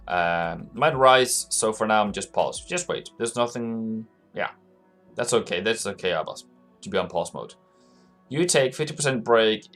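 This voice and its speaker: A man's voice: mid-range voice, a bit bright. Chatty man hosting a trading livestream. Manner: chatty, answers viewers by name, laughs often. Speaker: forex trading livestream host. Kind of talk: casual live-stream chat.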